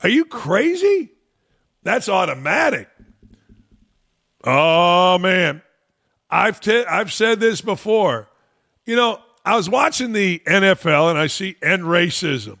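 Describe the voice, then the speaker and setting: A sports talk host on a sarcastic rant, mocking as he goes. His voice sits a little high for a man and has a gravelly, creaky texture. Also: animated, unhurried, bright, forceful tone.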